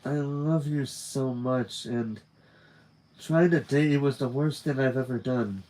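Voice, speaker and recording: A man reading aloud, giving voice to an anxious, apologetic young female student who talks in earnest, halting bursts. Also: medium pitch, warm tone, close to an everyday voice, low-quality recording. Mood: tearful.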